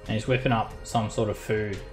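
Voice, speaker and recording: A man narrating as dungeon master, halting with many fillers. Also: lowish voice, steady tone, darkish tone, soft background music. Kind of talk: narrating a tabletop game.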